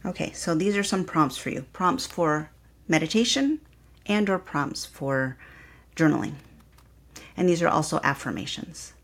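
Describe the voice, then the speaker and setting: A woman yoga teacher hosting her podcast, guiding listeners through affirmations and repeating each one slowly and calmly. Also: low voice. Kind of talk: guided reflection and affirmations.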